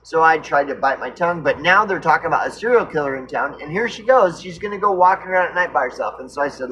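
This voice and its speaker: A man's voice: fairly high pitch, animated, fast talker, hardly any pauses, bright, forceful tone, slight background noise, poor audio. Rambling, profane man telling a story. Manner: rambling, profane, repeats himself. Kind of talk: casual storytelling monologue.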